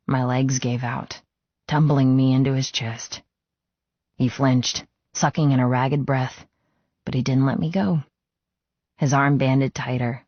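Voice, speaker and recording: Very deep, husky woman narrating. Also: no room sound. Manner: emotional, intimate reading. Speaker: audiobook narrator. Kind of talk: first-person romance audiobook narration. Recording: slightly dull, muffled sound.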